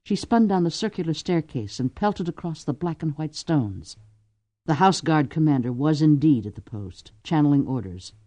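A woman narrating a novel aloud with expressive, lively storytelling. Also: sits low, normal speed, dry recording. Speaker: audiobook narrator. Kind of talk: scripted narration.

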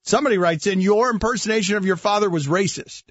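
Radio host, man, high lively voice, dry muffled studio sound. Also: no room sound. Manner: animated, laughs often, quick rhetorical questions. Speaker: radio sports show host. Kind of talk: casual sports talk radio banter. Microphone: studio microphone. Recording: dull, band-limited radio studio audio.

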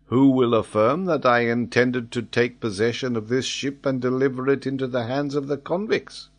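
A man's voice: mid-range voice, steady tone, moderate pace, lightly acted. A man reading the part of a stubborn, defiant male quartermaster held prisoner on a ship, in a storybook reading. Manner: defiant and clipped.

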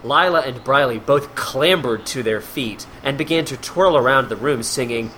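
A man's voice: medium pitch, very animated, moderate pace, hardly any pauses, pushed and bright, slight background noise. A man hosting a comedy podcast, reading a column aloud in a mocking way and laughing often.

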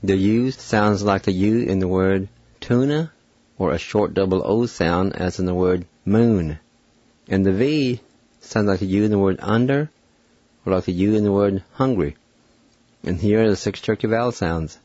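A man hosting a radio language lesson, spelling out words letter by letter and sounding out each syllable slowly and deliberately. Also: low-pitched, warm tone, no room sound, lo-fi sound. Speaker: radio host teaching a language.

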